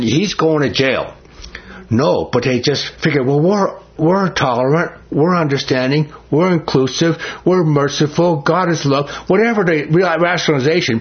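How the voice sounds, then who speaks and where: A man teaching a Bible study, reading scripture slowly and then talking about it in a heated, emphatic way. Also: medium pitch, muffled recording.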